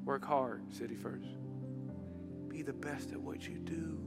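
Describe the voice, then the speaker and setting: A man preaching a sermon in a church, storytelling with big swings from loud excitement to soft, hushed moments. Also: mid-range voice, a little slow, creaky, loud music behind the voice. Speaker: pastor.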